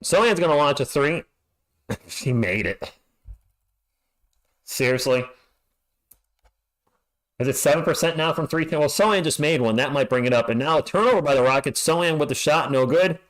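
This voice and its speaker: A man's voice: on the high side, a little fast, a bit bright. A man hosting a fan livestream, calling play-by-play and ranting in frustration, often stammering when upset.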